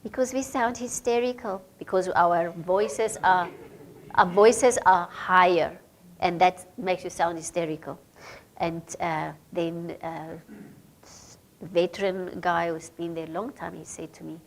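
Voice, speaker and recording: A woman's voice: lowish voice, fairly even intonation, unhurried. A woman with a Namibian English accent leading a radio training workshop, asking the group questions, with hesitant fillers.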